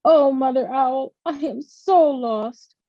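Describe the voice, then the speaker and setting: A woman voicing a frightened, tearful little girl who is lost, speaking in a high, pleading voice. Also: slow, no room sound, dull audio.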